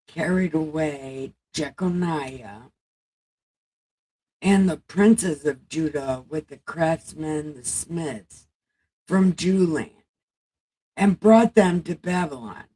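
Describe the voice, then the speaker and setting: A woman reading the Bible aloud on a casual livestream, halting over the text and breaking off into chatty, salty asides. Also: sits low, lively intonation, dark tone, breathy edge, low-quality recording.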